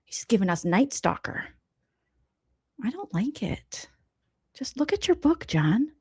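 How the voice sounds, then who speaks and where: A woman comedian giving casual, sarcastic reaction commentary, swinging between loud outbursts and whispered asides. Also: a little high, very animated, measured pace, husky, dry recording, studio quality.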